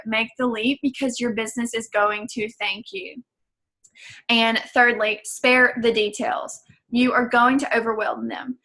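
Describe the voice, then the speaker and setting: A woman's voice: a little high, a bit bright. A young woman from Georgia, a fitness coach talking her team through tips on a call, chatty and emphatic, acting out sample messages.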